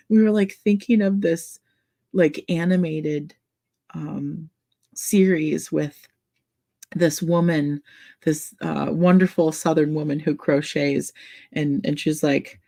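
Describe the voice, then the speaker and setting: A woman's voice: lowish voice, mellow. A woman hosting a casual craft livestream, chatting in a rambling way and laughing often. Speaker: livestream host.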